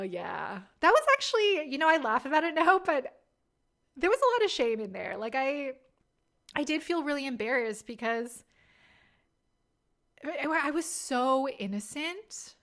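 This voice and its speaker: A woman's voice: high voice, sing-song, slow, long pauses, a bit bright. A woman in her thirties hosting a podcast, telling candid and self-deprecating stories in a casual way and laughing often. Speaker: podcast host. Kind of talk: casual storytelling monologue.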